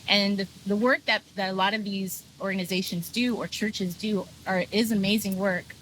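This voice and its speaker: Woman guest, candid storyteller, bright voice, faint hiss behind. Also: mid-range voice, steady tone, normal speed, low-quality recording. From United States. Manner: earnest, frank, many fillers. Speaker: guest, sound healer. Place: video podcast set.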